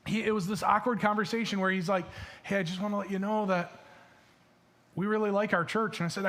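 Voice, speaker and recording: A man with a noticeably high voice preaches from a church stage in a loose, conversational style. His Michigan accent colors a talk packed with fillers and restarted phrases. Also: steady tone, fast, a bit bright. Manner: casual, filler-heavy with many restarts. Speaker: pastor. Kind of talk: sermon.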